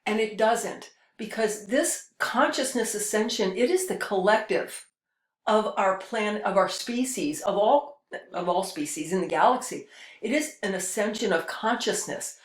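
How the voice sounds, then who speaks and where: A woman's voice: mid-range voice, expressive, a little slow. Woman spiritual host, mid-range voice, rambling delivery, reverberant room. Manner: rambling, with frequent restarts and hesitations. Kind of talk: casual spiritual monologue.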